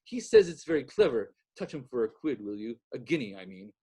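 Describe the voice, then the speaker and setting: A man putting on a booming, jolly young prankster. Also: very animated, a little fast, dark tone, slightly rough. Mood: boisterous. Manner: hearty, booming, sings off-key. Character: boisterous mocking young man, loud and jolly.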